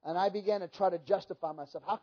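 Male preacher, middle-aged, high voice, fervent testimony, muffled lo-fi sound. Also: steady tone, quick pace. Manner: fervent, dramatic storytelling with many restarts. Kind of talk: sermon testimony.

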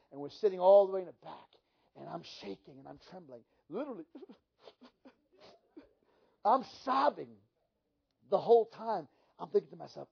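A pastor's high, light voice tells a sermon testimony, one moment close to a whisper and the next at full volume. He is a man, and he shapes each scene of his story as he goes. The recording is dull and lo-fi. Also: creaky. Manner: animated storytelling with swings from hushed to loud.

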